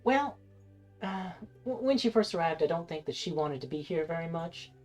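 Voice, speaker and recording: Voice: medium pitch, expressive, normal speed, faint music behind, pitched above the performer's own voice, natural voice. A game master voicing a friendly town councillor in a tabletop game, rambling and restarting sentences in a voice raised above their own. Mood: chatty. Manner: rambling, hesitant, lots of restarts.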